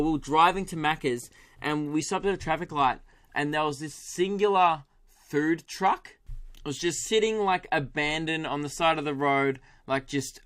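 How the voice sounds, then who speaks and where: A young man tells a comic rant on his solo podcast. His voice sits a little higher than most men's. He swears freely, laughs often and keeps the delivery animated. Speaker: comedian podcast host.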